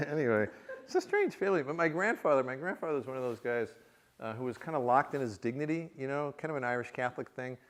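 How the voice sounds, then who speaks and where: A man's voice: medium pitch, animated, fast. A man, an author giving a reading, telling humorous stories to a live audience, laughing often and joking with the crowd. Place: university reading before an audience.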